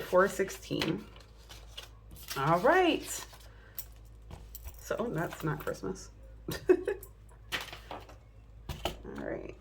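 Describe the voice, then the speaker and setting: A woman speaks to her viewers from home about her budget, chatty and quick to laugh at her own mistakes. Her voice sits fairly low but swings widely in pitch, and she murmurs long runs of numbers as she counts cash. A faint hiss sits under the recording. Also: a bit bright. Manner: chatty, self-deprecating, counts bills aloud under her breath. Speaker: budgeting vlogger. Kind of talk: casual chat while counting cash. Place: at home indoors.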